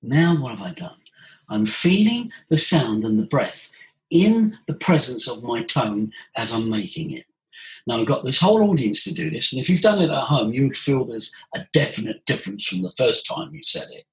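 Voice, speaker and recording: A man, a voice coach explaining ideas in an animated conversational way. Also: medium pitch, normal speed, low-quality recording. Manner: animated, demonstrates vocal sounds. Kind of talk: conversational teaching.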